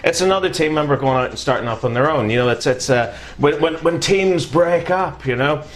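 A man with a slightly high voice and a slightly fast pace co-hosts a casual podcast reviewing robot fights. He's animated and swears freely, breaking into shouts and laughter.

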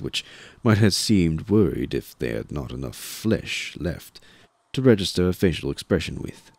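A man narrating a first-person audiobook in a dry, measured storytelling manner. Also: deep voice, gravelly, a little mellow, no room sound.

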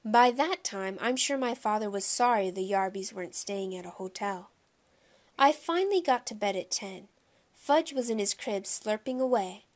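A woman narrating a children's audiobook in a lively, expressive way. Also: mid-range voice, moderate pace.

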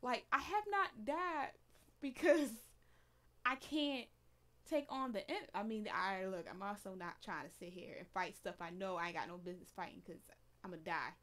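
A woman's voice: medium pitch, moderate pace, a bit bright. A woman streaming a game live, chatting casually and talking back to the game and her chat with lots of laughter. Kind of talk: casual live gameplay commentary.

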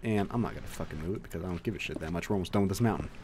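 A young man commentating his survival game, swearing often, talking to the monsters and bursting into loud outbursts. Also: low voice, rapid-fire, background noise. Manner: swears a lot, animated outbursts, talks to game mobs. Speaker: gaming video creator. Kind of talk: let's play commentary.

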